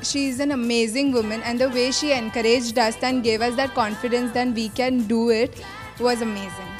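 A woman, a pageant contestant speaking excitedly. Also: a little high, normal speed, over music. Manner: excited, grateful.

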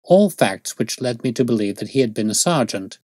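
A man voicing a self-assured detective who lectures in a crisp, raised voice as he reads a story aloud. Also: medium pitch, expressive, fairly quick, darkish tone, no room sound, clean studio sound, lightly acted. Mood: explaining. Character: brisk, aloof male detective, self-assured.

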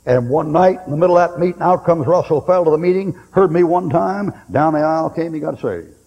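An older man preaching a sermon, telling folksy war stories and breaking into loud bursts. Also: mid-range voice, slightly rough. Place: church hall. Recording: long hall reverb.

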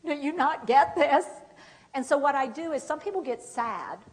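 Animated woman dementia care trainer. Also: high-pitched, moderate pace. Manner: animated, acts out examples. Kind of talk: workshop lecture.

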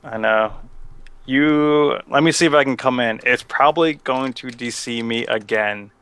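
A young male co-host talking casually over a game, halting and filler-heavy as he explains. His voice is bright and smooth, clean in tone. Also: medium pitch, no echo. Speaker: podcast co-host. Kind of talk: casual chat while gaming.

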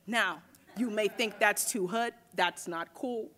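A woman's voice: mid-range voice, takes it slowly, a bit bright. A woman spoken word poet performing live on a stage at a university event, with a rhythmic, rhyming delivery.

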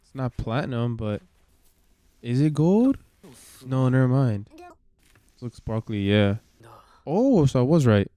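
Excitable young man reacting to anime. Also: mid-range voice, slow pace, pauses often. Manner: excitable, swears, calls viewer brother. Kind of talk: casual reaction commentary.

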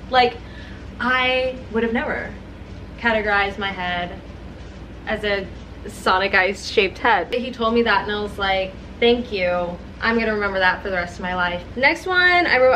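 A woman's voice: mid-range voice, a bit bright. A woman in her twenties telling work stories in a casual vlog, rambling with lots of "like" and acting out the quoted dialogue. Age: 20s. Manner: chatty, rambling with many "like"s, acts out quoted dialogue. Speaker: vlogger. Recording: slightly distant mic with faint background noise.

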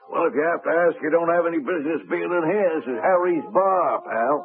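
A man playing a gruff, wisecracking bartender. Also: fairly high pitch, fairly quick, close to an everyday voice. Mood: sarcastic. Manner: sarcastic, tough-talking. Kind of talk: 1970s radio drama acting. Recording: tinny old radio broadcast with music.

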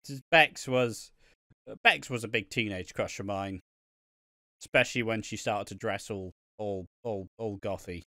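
A man's voice: fairly low pitch, unhurried, bright, forceful tone, no room sound, clean studio sound. A man co-hosting a podcast, chatting casually and swearing a lot as he recaps a soap, often acting out the characters' lines. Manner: sweary, laughing, acts out quotes in voices. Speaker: podcast co-host.

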